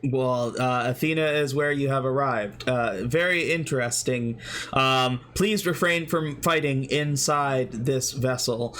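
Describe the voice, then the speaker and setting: A man's voice: mid-range voice, fairly bright tone, pitched below the performer's own voice, natural voice. A man doing a stammering robot burger cook. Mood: polite, formal. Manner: halting, stammering, formal. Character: polite male mech cook, stiff and stammering.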